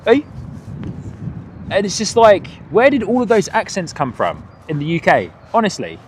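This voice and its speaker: A man whose voice sits high and swings widely in pitch speaks at a moderate pace while hosting a live plane-spotting stream. He's outdoors by an airport on a cold, windy morning, chatting and laughing often with viewers over wind and ambient noise.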